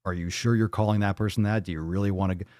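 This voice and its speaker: A man's voice: lowish voice, fairly even intonation, racing, a little mellow, dry recording, clean studio sound. A man hosting a casual livestream, talking bluntly and rambling, swearing freely as he reads and answers viewer comments. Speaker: livestream host.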